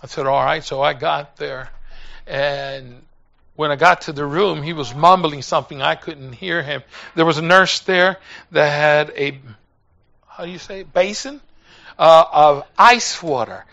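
A man's voice: on the high side, measured pace, gravelly, sharp tone, muffled recording. A man preaching a sermon, telling a story with emotion and hammering points home through repetition.

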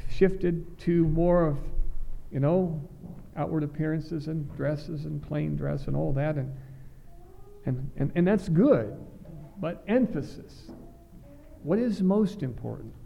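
A middle-aged man preaching a sermon, earnest and halting, often repeating words as he restarts. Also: fairly high pitch, creaky, warm tone, dull audio, a little hiss or hum.

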